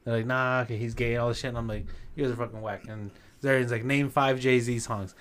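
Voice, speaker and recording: A man speaks at an ordinary pitch. He talks in a laid-back, slangy way, swearing freely in a casual podcast chat. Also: level tone, fast, fairly bright tone. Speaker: podcast co-host.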